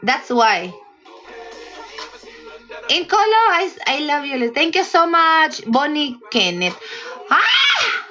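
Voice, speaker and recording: A bright, high-voiced woman with a Filipino accent talks unhurriedly to her livestream viewers. She speaks simple broken English and laughs often. The audio is dull and lo-fi, with faint music underneath. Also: very animated, slow pace, long pauses. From Philippines. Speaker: livestream host. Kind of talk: casual livestream chat reading comments.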